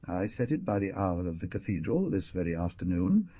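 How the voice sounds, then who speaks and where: A man's voice: deep voice, sing-song, brisk, husky, no room sound, muffled recording, exaggerated voice. A man voicing a reluctant, slightly annoyed pharmacist. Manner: curt, hesitant. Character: reluctant, irritable older male pharmacist.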